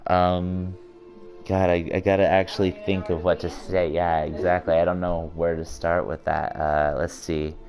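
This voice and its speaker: A man's voice: deep voice, little pitch movement, a little slow, music in the background. A man in his twenties from the United States, a live streamer chatting casually, laughing often and restarting his sentences. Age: 20s.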